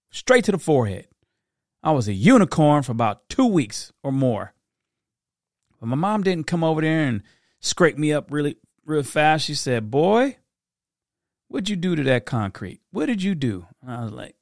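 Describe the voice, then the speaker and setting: A middle-aged man telling animated parenting stories in a casual monologue, breaking into quick impressions. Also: on the high side, no room sound, studio quality. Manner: animated storytelling with impressions and laughs. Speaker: parent giving advice.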